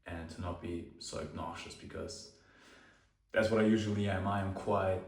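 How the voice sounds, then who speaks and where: A man with a low voice speaks slowly and calmly, leaving deliberate pauses between phrases as he hosts a self-improvement talk. He sits a little back from the mic, and the room gives his voice a noticeable echo. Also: recorded from a distance. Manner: slow, calm, pausing deliberately. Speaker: self-improvement video host. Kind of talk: slow deliberate talk to camera.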